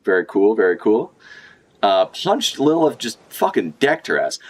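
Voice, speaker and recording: Excitable, swearing man reacting to a manga. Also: fairly low pitch, measured pace, slightly rough. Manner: profane, excitable, rambling asides. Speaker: streamer. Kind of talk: casual manga read-along commentary.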